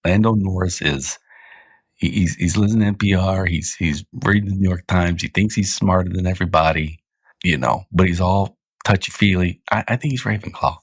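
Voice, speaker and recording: A man's voice: deep voice, fairly even intonation, a little fast, breathy edge, dry recording. A man with an American accent hosting a casual podcast, rambling and correcting himself as he goes. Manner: rambling, self-correcting, laughs at own jokes. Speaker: podcast host. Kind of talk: casual chat.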